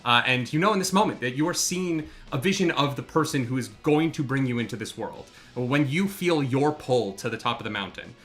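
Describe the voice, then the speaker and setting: A man narrating as game master of a tabletop game, pausing often with fillers and restarts. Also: mid-range voice, expressive, a bit bright. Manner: halting, many fillers and restarts.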